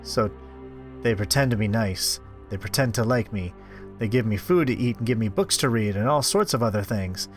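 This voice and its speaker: A man reading a visual novel aloud as a streamer, with quick asides of his own. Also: on the low side, soft background music. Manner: expressive, quick asides between read text. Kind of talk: reading a game aloud with commentary.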